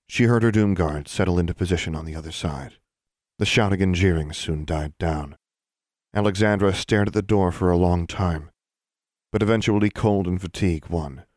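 A man reading a story aloud as audiobook narrator, in a steady, measured voice. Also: sits low, no echo, clean studio sound. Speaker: audiobook reader.

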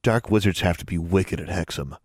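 A man's voice: low-pitched, fairly quick, slightly rough, dry recording, studio quality. A man voicing a blunt muttering teenage boy. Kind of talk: audiobook character voice.

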